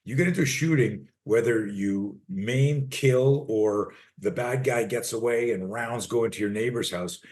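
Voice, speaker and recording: A man's voice: mid-range voice, measured pace, hardly any pauses, darkish tone. A man in his sixties, a personal defense coach, talks bluntly and emphatically in an interview, acting out short role-play scenes as he teaches. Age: 60s. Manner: blunt, emphatic, swears freely.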